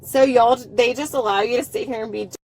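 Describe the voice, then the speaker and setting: Combative woman, high-pitched. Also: brisk, darkish tone, poor audio. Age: 30s. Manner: combative, profane and mocking. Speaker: arrested driver, nurse. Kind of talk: heated roadside argument. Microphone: police body camera.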